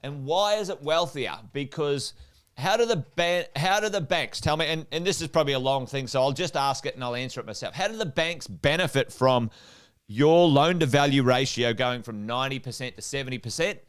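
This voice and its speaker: At a whiteboard during a livestream, a middle-aged Aussie investment coach talks briskly and with energy. His mid-range voice has a clean tone, and he keeps repeating himself and testing viewers with questions.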